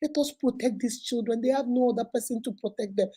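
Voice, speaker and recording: A Nigerian woman in her thirties hosts a casual talk. Her voice sits a little high and mellow, with a husky grain. She tells stories animatedly and puts on voices for the people she quotes. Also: fast, poor audio. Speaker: vlog host.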